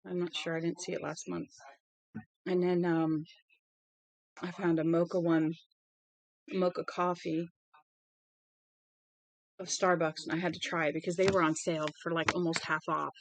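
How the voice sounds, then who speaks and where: At home, a woman chats casually before reading a novel aloud, rambling between small talk and speaking to her dog in a high sing-song. Her voice is gravelly and flat at a moderate pace, with long pauses in a dry recording.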